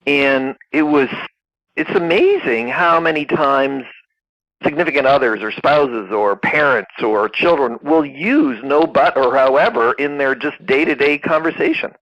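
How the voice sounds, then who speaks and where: A male interview host from Canada asks curious, thoughtful questions at a middle pitch. His voice is dry, with no room sound, and it comes through somewhat dull. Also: a little slow, no echo. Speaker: podcast host. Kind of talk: interview conversation.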